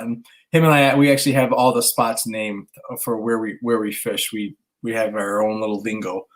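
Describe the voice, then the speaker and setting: Minnesota guy in his 30s telling a fish story, lively, swears a bit, does all the voices. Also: on the low side, moderate pace, few pauses. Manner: animated storyteller, swears casually, acts out dialogue. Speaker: podcast co-host, stay-at-home dad. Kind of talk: casual chat, storytelling.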